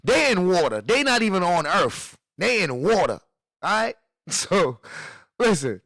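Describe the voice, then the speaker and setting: A man's voice: high-pitched, very animated, a little slow, a bit bright, no echo. A man streaming live, reacting to news with loose, laughing slang banter aimed at his chat.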